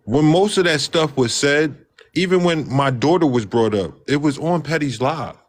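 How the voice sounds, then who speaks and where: Man, higher voice, insistent, interrupting, heated panel argument. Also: animated, normal speed. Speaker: live stream panelist.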